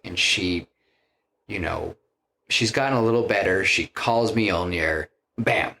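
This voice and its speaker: A man's voice: low-pitched, measured pace, vocal fry, bright, forceful tone, a little hiss or hum. A man casually retelling a film plot on a podcast, rambling with many fillers and restarts. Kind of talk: casual chat, retelling a story.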